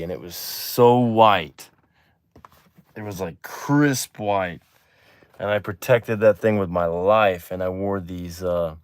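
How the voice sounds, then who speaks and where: Low-voiced Texan man, livestream host, smooth tone, dry close mic, loose chatty delivery that perks up now and then. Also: no echo. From Texas. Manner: relaxed, chatty, drifting from low mumbles to excited bursts. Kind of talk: casual livestream chat reading comments.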